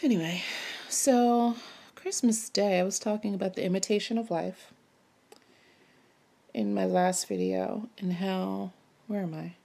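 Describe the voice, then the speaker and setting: A woman's voice: medium pitch, measured pace, creaky, pauses often, mellow. A woman from Maryland chatting casually while she stitches, rambling and musing aloud with lots of self-questions. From Maryland, United States. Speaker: cross-stitch vlogger.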